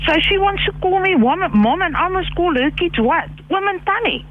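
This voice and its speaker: A flustered woman in her fifties on a muffled phone line, her high voice swooping up and down as she exclaims. She talks bluntly, with a little hiss on the line. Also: animated, normal speed. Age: 50s. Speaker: prank call target, mother. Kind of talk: phone conversation. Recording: dull phone line with faint noise.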